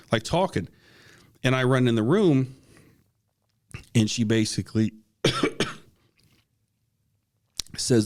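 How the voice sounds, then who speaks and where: A man with a mid-range voice, talking a little slowly and pausing often, relates a personal ghost story as a podcast co-host. His manner is casual and earnest, marked by many restarts and the odd cough.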